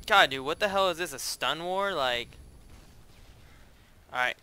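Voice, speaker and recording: A man giving profane, excitable live commentary while playing a shooter game. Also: fairly high pitch, normal speed, smooth. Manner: profane, excitable trash talk. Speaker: gameplay commentator.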